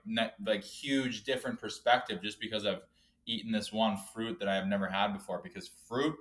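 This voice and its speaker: Profane young man ranting loudly. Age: 20s. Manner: profane, rambling, self-deprecating; swings between loud outbursts and low mumbling. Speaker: podcast host. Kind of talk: casual solo podcast rant.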